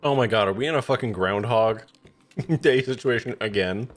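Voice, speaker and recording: A man's voice: medium pitch, normal speed, soft background music. A man streaming a game, thinking aloud in casual commentary, swearing and laughing as he goes. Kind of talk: casual let's-play commentary.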